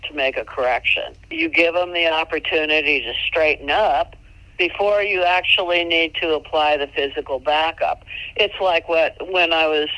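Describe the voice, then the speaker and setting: A woman mule trainer giving casual, folksy advice, chatty and quick to laugh, sometimes jumping into high, playful tones. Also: bright, forceful tone, no echo, rough recording. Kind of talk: casual instructional chat.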